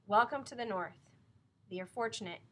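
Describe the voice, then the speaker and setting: Steady Quaker farmer, calm, formal old-fashioned speech, read by a woman in a storybook. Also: on the high side, normal speed. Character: deep-voiced Quaker farmer, calm guide.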